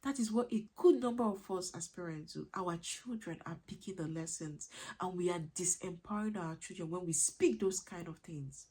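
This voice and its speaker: An earnest woman coaching parents, her voice a little husky and breathy. She keeps circling back with rhetorical questions to press each point home. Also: on the low side, moderate pace, dark tone. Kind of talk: motivational teaching talk.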